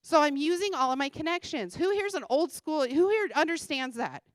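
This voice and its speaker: A woman giving an energetic motivational talk on a conference stage, speaking bluntly and casually, swearing freely and laughing often. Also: high-pitched, brisk, dry recording. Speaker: conference speaker and sales coach. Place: conference stage before a live audience.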